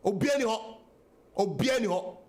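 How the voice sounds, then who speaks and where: A man's voice: sits high, animated, brisk, darkish tone. A Ghanaian man hosting a political talk radio show, giving an emphatic monologue that mixes English and Twi.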